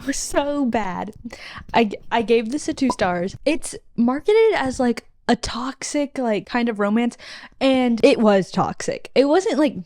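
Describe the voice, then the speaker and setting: Chatty young woman with a slightly high voice. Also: darkish tone. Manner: chatty, filler-heavy, with frank blunt opinions. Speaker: book reviewer. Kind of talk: casual monthly reading wrap-up.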